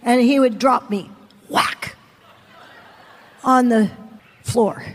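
A woman's voice: a little high, extremely slow. A woman preaching a sermon as a personal testimony, telling her story dramatically and acting out the people she quotes. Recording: long hall reverb.

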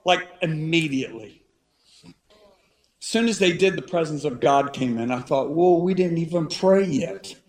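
A man preaching a sermon, telling a dramatic story and acting out the voices of the people in it. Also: sits high. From Italian-American. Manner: dramatic, acts out quoted voices; shifts between hushed and shouted.

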